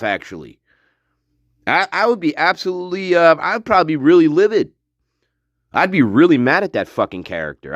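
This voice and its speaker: A man hosts a livestream and rants at the people he is mocking, swearing freely and breaking into laughter. His voice sits fairly high for a man and jumps all over in pitch. He drops into mutters between outbursts, and the sound is dry with no room echo. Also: fairly bright tone. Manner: profane, scornful ranting; frequent laughter, trailing off into mutters. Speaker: livestream host. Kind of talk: livestream commentary reading chat.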